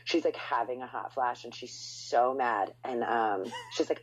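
A woman hosting a podcast, telling stories in a casual, animated way with big upward swoops for emphasis. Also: rumbling low, unhurried, slight background noise. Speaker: podcast host. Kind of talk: casual chat. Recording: dull lo-fi sound.

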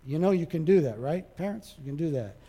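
Male pastor, high voice, lively sermon delivery that jumps between loud and quiet, long reverb of a big hall. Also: quick pace, breathy edge. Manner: animated, acts out dialogue, shifts from loud to soft.

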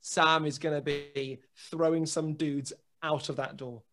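A man, a guest telling a lively anecdote in casual chat, full of restarts and acted dialogue. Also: on the high side, a little slow, a little hiss or hum. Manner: lively storyteller, many restarts and quoted dialogue.

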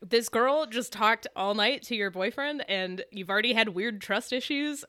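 A woman's voice: on the high side, moderate pace, bright, forceful tone, no room sound, clean studio sound. A young woman co-hosting a podcast, chatting casually with laid-back, chuckling reactions. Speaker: podcast co-host. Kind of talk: casual chat.

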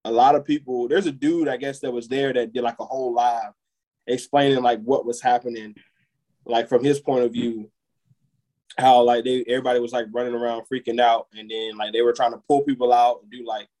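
A man's voice: mid-range voice, fairly even intonation, brisk, warm tone, low-quality recording. Rambling man chatting on a podcast. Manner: rambling, heavy on filler "like". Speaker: podcast co-host. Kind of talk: casual chat.

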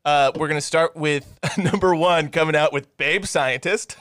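A man's voice: fairly high pitch, moderate pace, a bit bright, dry recording, studio quality. A young man hosting a movie podcast, enthusiastically running through lists and swearing casually. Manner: enthusiastic, profane, reads stats and lists. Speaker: podcast host.

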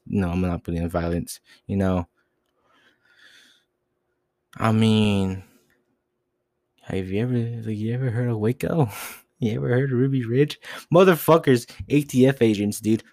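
A man's voice: fairly low pitch, darkish tone, dry recording, clean studio sound. A young man ranting alone as a podcast host, profane and agitated, rambling and swearing constantly. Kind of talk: solo rant.

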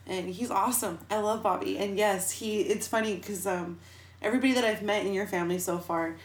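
A woman hosting a podcast interview in casual chat, loud, quick to laugh and swearing freely. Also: medium pitch, steady tone. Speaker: podcast host. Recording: echoey room with faint background noise.

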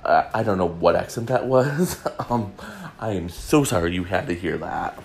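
A man hosts his own podcast, talking loosely and joking with plenty of ums and restarts. His voice sits on the low side. The chat is casual and wandering. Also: lively intonation, normal speed, gravelly, a little hiss or hum. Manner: rambling, chatty, jokey, many fillers. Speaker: podcast host.

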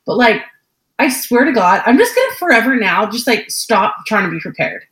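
This young woman's voice is fairly high and at normal speed as she co-hosts a podcast. Telling a story in casual chat, she gets animated, swears freely, and acts out what people said, all in a roomy echo.

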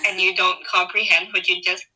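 A woman's voice: fairly low pitch, level tone, a little fast, bright, forceful tone, rough recording. A young woman in casual chat, playful and musing aloud with puzzled questions.

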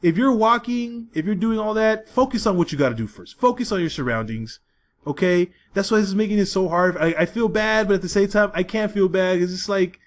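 Male podcast co-host with a fairly high voice, profane, emphatic and lively in casual banter. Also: fairly quick.

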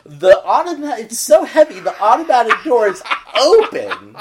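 A man co-hosting a casual podcast chat, telling stories in an animated way and acting out characters' lines. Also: very high voice, moderate pace, a crowd in the background. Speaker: podcast co-host.

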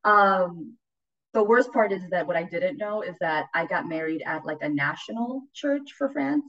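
A woman hosting a podcast, telling stories in a lively, casual way. She acts out quoted voices and swears freely. The audio sounds a little dull. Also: fairly low pitch, moderate pace. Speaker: podcast host. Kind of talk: casual storytelling chat.

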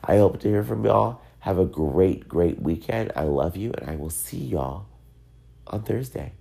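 A man's voice: low-pitched, lively intonation, unhurried, vocal fry, mellow, breathy edge. A man hosting his own podcast, talking in a loose, rambling solo rant while congested, sick and drunk. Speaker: podcast host.

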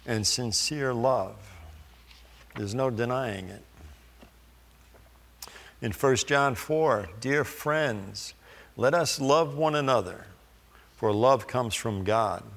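Slow gravelly preacher in a hall. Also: male voice, mid-range voice. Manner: slow, deliberate reading of scripture with pauses. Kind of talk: sermon.

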